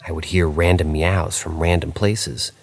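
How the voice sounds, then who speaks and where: With an unhurried pace and steady tone, a very deep-voiced man reads horror stories in a casual, conversational way, slipping in offhand asides here and there. There's no room sound in the recording.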